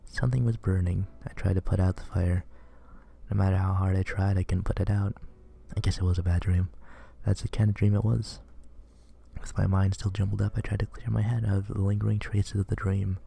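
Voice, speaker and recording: A man reading a visual novel aloud in a casual, deadpan manner, stumbling a little over the words. His voice is low, gravelly and very dark, with a fairly flat delivery. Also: a little fast. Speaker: game reader.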